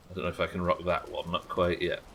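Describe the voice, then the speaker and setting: A man's voice: deep voice, monotone, fast talker, sharp tone. A man from the UK streaming a video game live, rambling, swearing and chatting with his viewers as he plays. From United Kingdom.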